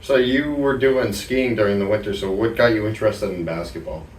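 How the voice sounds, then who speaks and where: A young man hosting an interview show, asking short, relaxed questions. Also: lowish voice, fairly quick. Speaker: podcast host. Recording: echoey room, mic at a distance, faint noise.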